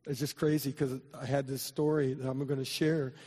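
An older man, a pastor, telling a personal story in a sermon, with many restarts, building to loud, fervent preaching. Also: medium pitch, flat delivery, moderate pace. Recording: long hall reverb.

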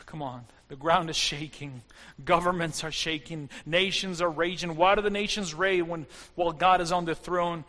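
A man's voice: sits high, bright, forceful tone. A man preaching a fervent sermon, his intensity rising and falling as he speaks. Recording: long hall reverb.

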